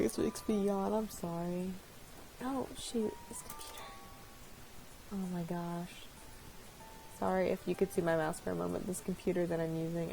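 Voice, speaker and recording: A woman's voice: lowish voice, gravelly, darkish tone, poor audio. A woman giving casual, rambling commentary while playing a game, often apologizing and laughing at herself. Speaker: let's-play host.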